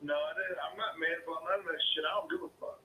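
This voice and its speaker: A man's voice: on the high side, quick pace, sharp tone, echoey room, rough recording. A man from the Pittsburgh area, arguing heatedly as a caller, profane and combative, repeating himself. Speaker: caller, homeowner. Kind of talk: heated phone argument.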